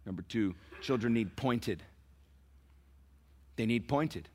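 A middle-aged man preaching a sermon to parents, swinging from soft, near-whispered lines to loud emphatic peaks and acting out dialogue as he tells stories. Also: mid-range voice, animated, takes it slowly, pauses often. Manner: acts out quoted dialogue in a storytelling sermon. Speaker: pastor.

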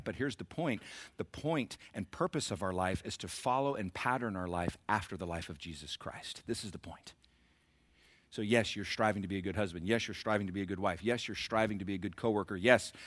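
A man's voice: fairly low pitch, fairly bright tone, no echo. Emphatic male pastor preaching. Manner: preaching with rising, emphatic surges and asides to the congregation. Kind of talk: sermon.

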